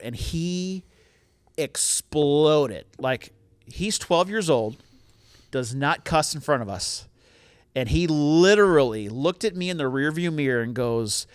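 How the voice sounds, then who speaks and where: Candid middle-aged dad telling a story. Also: male voice, a little high, lively intonation, clear, resonant tone, dry recording, clean studio sound. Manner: candid, self-deprecating, quick to swear. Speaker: podcast co-host. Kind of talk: casual storytelling chat.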